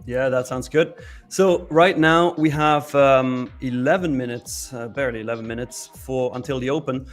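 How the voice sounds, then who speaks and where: A man's voice: medium pitch, steady tone, normal speed, soft background music. A man co-hosting a live trading stream, explaining his market setups step by step. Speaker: trading co-host.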